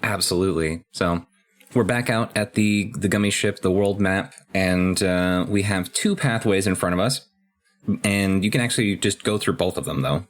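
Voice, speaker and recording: Deep-voiced guy on a podcast, laid back, just chatting about a game. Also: normal speed. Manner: relaxed, chatty, recapping scenes. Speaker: podcast co-host. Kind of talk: casual game discussion.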